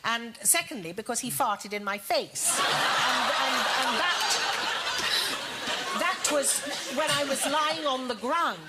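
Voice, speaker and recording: A woman's voice: high-pitched, takes it slowly, a loud crowd, heavy background noise. A woman with a posh British accent, a talk show guest bluntly telling anecdotes and laughing through her stories. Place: TV studio.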